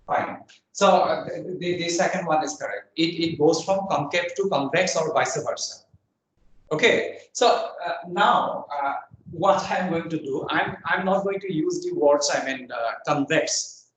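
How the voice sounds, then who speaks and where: A man's voice: fairly high pitch, unhurried, fairly bright tone. A man giving a university lecture to a class. He repeats his phrases, often says "I mean" and "uh", and keeps checking in with "is it okay? fine.". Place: lecture room. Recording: very echoey room, speaker far from mic, faint noise.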